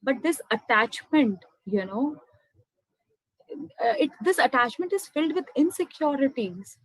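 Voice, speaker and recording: A woman's voice: high voice, sing-song, a little slow, no echo, rough recording. A young woman with an Indian accent, earnestly telling a personal spiritual story and calling her listeners "my dear friends.". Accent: Indian English. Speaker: spiritual speaker. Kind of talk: motivational personal testimony.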